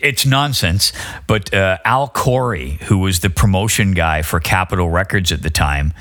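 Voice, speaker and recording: A man's voice: deep voice, fairly bright tone. A man hosting a podcast, chatting casually about music and laughing easily as he tells anecdotes. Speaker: podcast host.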